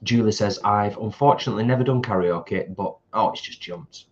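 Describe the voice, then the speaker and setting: A man's voice: lowish voice, a little fast. Chatty british guy reading out comments, laughs a lot, kinda dull lo-fi sound. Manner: chatty, reads out viewer comments, laughs easily. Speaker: co-host of a live stream. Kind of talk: casual live stream chat.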